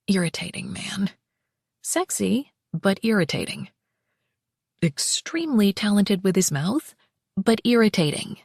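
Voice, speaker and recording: A woman narrating a first-person romance audiobook in an expressive, wry way on a close mic. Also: medium pitch, vocal fry, husky, no echo.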